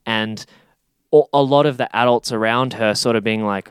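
A young man co-hosting a podcast, chatting casually about a film, animated and sweary, laughing often. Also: mid-range voice, normal speed, clear, resonant tone, no echo, clean studio sound. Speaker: podcast co-host. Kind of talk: casual film review chat.

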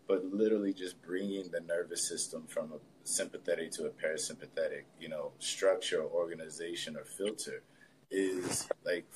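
A man with a somewhat low voice talks as a guest in an interview. He tells his own story in a loose, reflective, conversational way, full of casual fillers. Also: background noise. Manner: relaxed, reflective, loose with fillers like "you know" and "like". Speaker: podcast guest, spiritualist and healer.

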